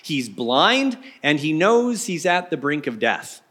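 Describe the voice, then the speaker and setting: A man's voice: a little high, big pitch swings, slow pace, fairly bright tone, slightly rough. A man preaching a casual sermon as a pastor, telling the story in a chatty way with joking asides.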